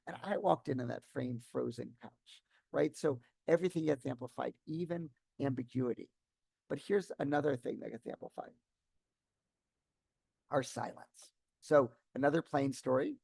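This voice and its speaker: Middle-aged male author giving a storytelling lecture. Gravelly, slightly husky voice, dry close sound. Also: mid-range voice, normal speed, darkish tone, no echo. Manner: storytelling, repeats key points, acts out quotes. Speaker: author giving a talk on leadership. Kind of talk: public lecture with stories.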